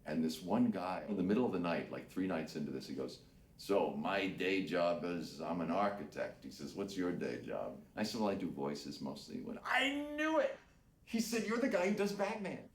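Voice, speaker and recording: A male voice actor telling a story in an interview, measured and pausing. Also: deep voice, very animated, gravelly, reverberant, slight background noise.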